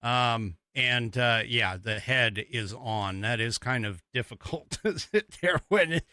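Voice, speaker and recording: A man's voice: mid-range voice, lively intonation, slow, bright, forceful tone, no room sound, studio quality. A man from the United States hosting a live podcast, talking in a rambling, chatty way with lots of fillers and restarts. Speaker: host. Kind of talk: live-stream podcast talk.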